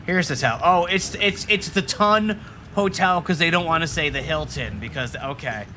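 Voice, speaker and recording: A man's voice: fairly high pitch, normal speed, bright, forceful tone, slight background noise. A man casually commenting as he plays a video game on a stream, rambling with lots of fillers and jokes. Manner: rambling, filler-heavy, joking. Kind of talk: casual let's-play commentary. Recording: game music behind voice.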